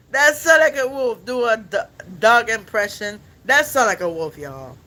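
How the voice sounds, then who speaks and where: A man's voice: extremely high pitch, sing-song, a little slow, pushed and bright, slight background noise, poor audio. A young man hosting a podcast, chatting casually with his viewers in a rambling, playful way and laughing often. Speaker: podcast host.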